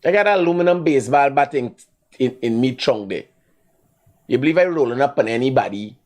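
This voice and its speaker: A man's voice: mid-range voice, expressive, a little fast, a little mellow. A middle-aged man with a Guyanese accent hosting a live call-in show, talking bluntly and growing heated as he scolds a caller. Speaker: host taking calls.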